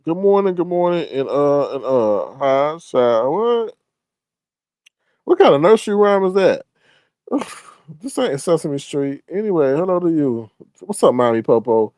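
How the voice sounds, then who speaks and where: High-voiced man ranting on a livestream. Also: very animated, a little slow, pauses often, a little mellow, smooth, no echo. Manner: emphatic, repetitive, sassy asides. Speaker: livestream commentary host. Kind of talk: casual livestream commentary.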